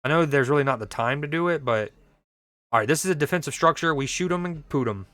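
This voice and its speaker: Young man, streamer, playful and jokey, fairly high voice, dry close mic. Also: lively intonation, quick pace, fairly bright tone, dry recording. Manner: playful, jokey, reads chat aloud. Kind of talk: casual gaming stream chat.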